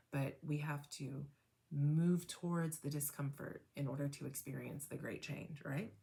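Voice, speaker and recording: A woman guiding a tapping meditation in a slow, soothing way, often asking "right?" and dropping to a breathy whisper for the affirmations. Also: sits low, darkish tone.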